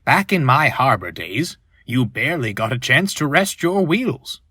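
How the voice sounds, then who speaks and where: A man's voice: mid-range voice, very animated, a little slow, husky, dry recording, clean studio sound, exaggerated voice. A man voicing Toby, a cheerful old male tank engine who talks reassuringly, in a storybook reading. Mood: kindly. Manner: warm, reassuring.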